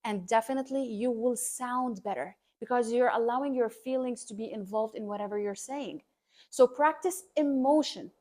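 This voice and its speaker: A woman who coaches public speaking, talking to camera in an energetic, emphatic way and repeating her key points. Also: a little high, moderate pace. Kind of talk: scripted educational talk to camera.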